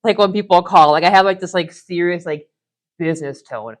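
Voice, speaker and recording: A woman's voice: fairly low pitch, brisk. A woman in her thirties co-hosting a podcast, bubbly and giggly in casual chat. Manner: bubbly and giggly, many "like" fillers.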